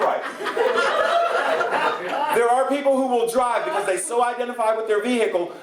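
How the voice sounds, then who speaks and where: A man preaching a sermon as a guest minister, animated and playful, often laughing as he speaks. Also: very high-pitched, normal speed, long pauses, a little hiss or hum. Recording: echoey church hall.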